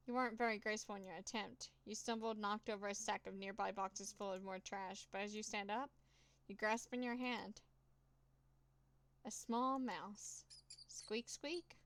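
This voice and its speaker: A woman reading a horror text game aloud, voicing the cat's meows and the mouse's squeaks herself, with nervous asides between choices. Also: steady tone, a bit bright, clean tone, no room sound. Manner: reads with dramatic pauses and nervous asides. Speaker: gameplay narrator.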